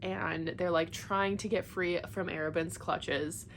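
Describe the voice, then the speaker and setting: A woman's voice: fairly low pitch, a little slow, slight background noise. A young woman vlogging about a book series she is rereading, chatting with many filler words and reading passages aloud. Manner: gushing, excitable, many "like" fillers. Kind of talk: casual chat and reading aloud.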